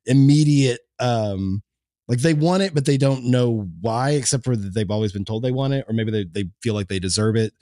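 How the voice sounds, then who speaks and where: A man's voice: medium pitch, moderate pace, dark tone, dry recording. Man, casual film podcast chat, rambling, many restarts, dry close mic. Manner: rambling, lots of fillers and restarts. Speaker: podcast co-host.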